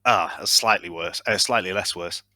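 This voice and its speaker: A man's voice: sits low, moderate pace, bright, forceful tone, no room sound. A man playing a tabletop game, muttering to himself as he rolls dice. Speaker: player. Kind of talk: casual tabletop play.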